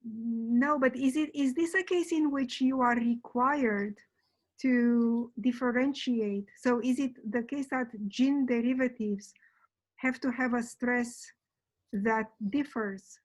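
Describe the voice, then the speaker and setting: A woman's voice: a little high, takes it slowly, rough recording. A woman, an invited linguistics speaker, answers questions in an academic Q&A over a video call, thinking aloud with restarts.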